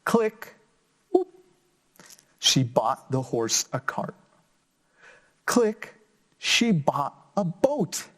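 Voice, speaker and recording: A man teaching a children's lesson, reading a picture book aloud with expressive jumps up in pitch on the sound words. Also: slow, slightly rough.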